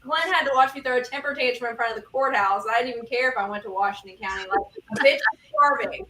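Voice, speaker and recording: A woman hosting a casual group chat, telling stories quickly and with lots of swearing. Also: fairly high pitch, echoey room, recorded from a distance, background noise. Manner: fast, profane storytelling. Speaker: podcast host.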